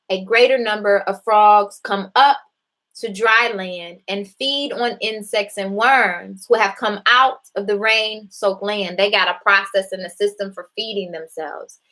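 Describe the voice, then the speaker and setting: A woman's voice: medium pitch, fairly bright tone, low-quality recording. Blunt, profane woman preaching to viewers. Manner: blunt, profane, preachy, talks straight to her audience. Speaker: spiritual live-stream host. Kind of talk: casual spiritual talk to viewers.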